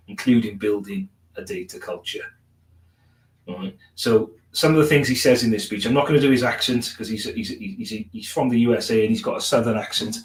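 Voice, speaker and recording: Male conference speaker, lowish voice, motivational, tag-question habit, roomy hall sound. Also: far from the mic. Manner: peppers sentences with "right?" tag questions; upbeat, motivational delivery. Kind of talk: technical conference presentation. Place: conference room. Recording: roomy conference room echo.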